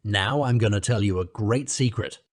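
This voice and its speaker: A man voicing a stern, wise old male badger who speaks gravely and severely. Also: on the low side, normal speed, no room sound, studio quality, natural voice.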